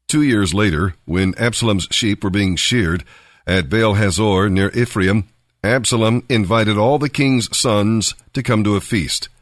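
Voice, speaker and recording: Low-voiced man reading a Bible story. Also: dry recording, clean studio sound. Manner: expressive storytelling. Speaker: narrator. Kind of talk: scripted narration of a Bible story.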